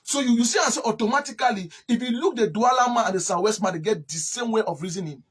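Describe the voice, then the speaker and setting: An interviewee from Cameroon, speaking with a Cameroonian Pidgin English accent, gives a rambling account of history and repeats words as he searches for them. His voice is high, a bit bright and breathy, and he talks fast.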